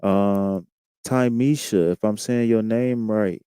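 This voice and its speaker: A man's voice: on the low side, slow pace, warm tone, clear, resonant tone, no room sound. A man hosting a live tarot stream, chatting casually in a laid-back, slangy way and reading out viewers' comments.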